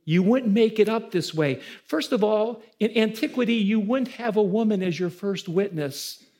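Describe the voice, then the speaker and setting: High-voiced man preaching a sermon. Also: moderate pace, warm tone. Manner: preaching with rising emphasis and audience questions. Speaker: pastor.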